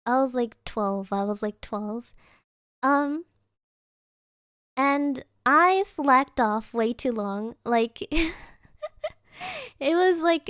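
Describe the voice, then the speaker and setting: A young woman streamer from Germany with a high voice tells a story in an easy, unhurried way. She giggles through her sentences and drops little Japanese interjections. Her voice sounds close and dry, with no room around it. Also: a bit bright, no room sound. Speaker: VTuber streamer. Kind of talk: casual storytelling chat.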